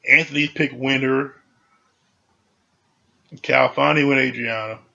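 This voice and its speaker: A man with a gravelly, fry-heavy voice talks through a reality show episode in a loose, chatty way, leaning on "you know" and "like." His pitch sits in a middle range. The audio is dull and muffled, like a lo-fi home recording. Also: steady tone, slow, sharp tone. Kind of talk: casual recap commentary.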